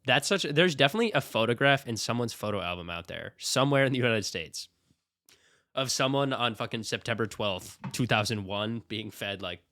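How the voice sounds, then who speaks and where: A young man swapping playful stories and deadpan comebacks on a podcast, his voice mid-low and relaxed. The recording is dry and close-miked. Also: a little fast, no room sound. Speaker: podcast co-host. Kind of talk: casual chat.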